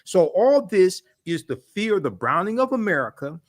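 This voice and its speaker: A man speaking as a panelist in political commentary, forceful and building his argument with many filler pauses. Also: sits high, sing-song.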